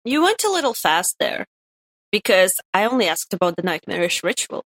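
A woman's voice: mid-range voice, sing-song, brisk, fairly bright tone, low-quality recording. A woman co-hosting a casual game lore podcast, playfully quizzing her partner. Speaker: podcast co-host.

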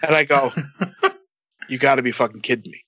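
With a mid-range voice and a moderate pace, a man tells a long story casually and with animation, cursing often and performing both sides of the dialogue himself.

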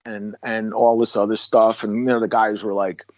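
A man's voice: on the low side, little pitch movement, normal speed, a little mellow, no room sound, dull audio. A man, a former police officer, casually telling a long story with many restarts and acted-out quotes. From United States.

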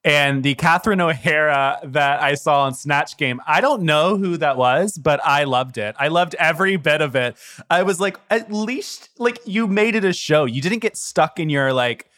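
A man's voice: fairly high pitch, animated, moderate pace, fairly bright tone. A man hosting a casual interview, asking questions with enthusiastic praise. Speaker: host.

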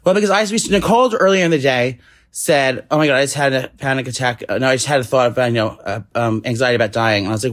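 A man in his thirties co-hosting a chatty podcast, telling a rapid, gossipy story and acting out other people's lines. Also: medium pitch, fairly bright tone. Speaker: podcast co-host. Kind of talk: casual chat, storytelling.

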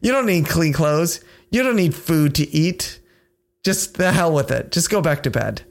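A man's voice: on the high side, lively intonation, measured pace, vocal fry. A man co-hosting a casual podcast, tired and joking, swearing freely and teasing his partner. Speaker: podcast co-host. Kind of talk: casual banter.

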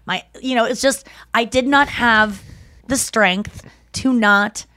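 A woman's voice: fairly high pitch, slow pace, no room sound, studio quality. A woman in her thirties hosting a podcast, telling stories in casual chat and acting out the people she quotes. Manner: animated storytelling, acting out quotes. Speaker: podcast host.

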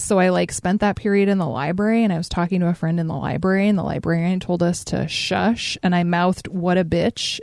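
A woman's voice: mid-range voice, a little mellow, no echo, clean studio sound. A woman hosting a casual chat, asking questions and poking fun at herself. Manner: chatty, self-deprecating, asks questions. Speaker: podcast host.

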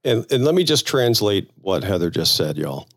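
A man's voice: fairly low pitch, very animated, normal speed, a bit bright, dry recording, studio quality. A man co-hosting a podcast, talking in a rambling, earnest way and repeating words as he goes. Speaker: podcast co-host. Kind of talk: casual podcast chat.

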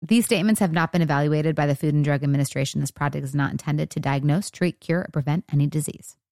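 A woman giving an upbeat scripted ad read with a bright, brisk delivery. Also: deep voice, no echo, clean studio sound. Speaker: ad reader.

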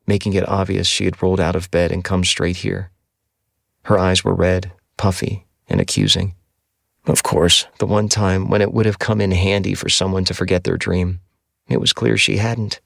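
A man narrating a first-person audiobook in a steady, measured storytelling voice. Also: low-pitched, vocal fry, no room sound, clean studio sound.

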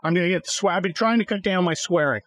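A man's voice: high-pitched, fast, fairly bright tone, no echo, poor audio. A man hosting a podcast from his car, ranting sarcastically and swearing at traffic. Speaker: podcast host. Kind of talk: casual ranting chat while driving.

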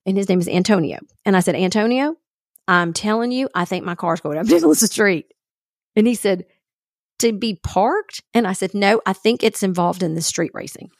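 A woman's voice: medium pitch, a little fast, no room sound, clean studio sound. A woman co-hosting a podcast, telling a story in casual chat and acting out the other people's lines. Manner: animated storyteller, acts out quoted dialogue. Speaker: podcast co-host.

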